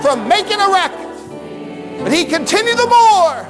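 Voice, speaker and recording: A man preaching an impassioned sermon in a church, rising to shouts and chanting phrases over and over. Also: extremely high pitch, very animated, moderate pace. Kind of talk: fiery altar-call sermon. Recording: music playing behind.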